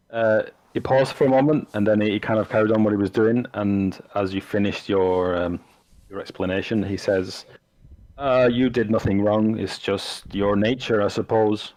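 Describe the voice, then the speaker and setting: A man narrating as game master of a tabletop game, in a halting way with frequent restarts. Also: on the low side, darkish tone, low-quality recording. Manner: halting, full of fillers and restarts.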